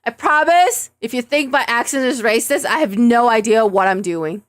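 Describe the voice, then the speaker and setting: A woman's voice: fairly high pitch, moderate pace. A woman streamer making playful, self-mocking asides while playing a story game. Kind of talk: game playthrough commentary. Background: game music.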